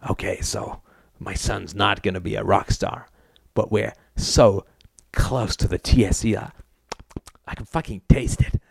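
Excited crude businessman husband, husky whisper, low and dry, read by a man. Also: moderate pace, no echo. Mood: hushed giddy. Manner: crude, giddy.

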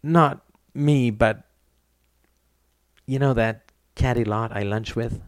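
A man doing a soft hesitant wife. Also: mid-range voice, slow pace, no echo, clean studio sound, natural voice. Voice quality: very soft, murmured. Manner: hesitant, confessional. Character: meek wealthy wife, soft-spoken.

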